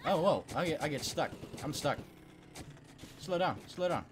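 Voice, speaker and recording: A man commentating on a game he is playing, excitable and swearing, a bit sick and clearing his throat. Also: mid-range voice, unhurried, noisy background. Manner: excitable, swearing, yelping at failures. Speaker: gameplay commentator. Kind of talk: let's play commentary.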